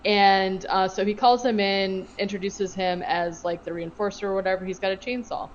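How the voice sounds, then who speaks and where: A woman's voice: medium pitch, steady tone, normal speed, lo-fi sound, slight background noise. A woman co-hosting a podcast, rambling through a casual movie recap full of fillers. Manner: rambling, filler-heavy storytelling. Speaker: podcast co-host.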